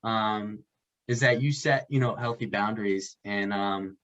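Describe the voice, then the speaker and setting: A man co-hosting a casual advice chat, halting and searching for words as he explains. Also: fairly low pitch, fairly bright tone. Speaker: podcast co-host. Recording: dull lo-fi sound.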